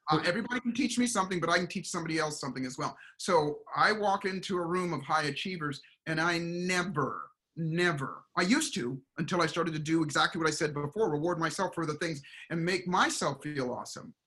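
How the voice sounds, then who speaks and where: A middle-aged man speaks in a relaxed interview, a motivational coach with a bright, forceful voice. He pitches a bit high and slips into playful voices for the people and pets in his stories. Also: brisk, few pauses. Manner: animated storyteller, acts out voices in quotes. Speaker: guest, performance coach. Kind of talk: casual motivational interview talk.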